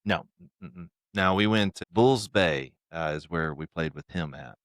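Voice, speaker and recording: A young man co-hosting a casual podcast chat, laid-back and halting, with lots of "uh" and restarts. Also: deep voice, a bit bright, dry recording, studio quality. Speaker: fill-in co-host.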